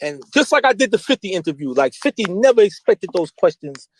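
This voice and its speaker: A man's voice: high-pitched, fairly quick, no room sound, low-quality recording. A middle-aged man, telling street stories candidly and with lots of slang as an interview guest. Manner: animated, slangy, mimics voices when quoting.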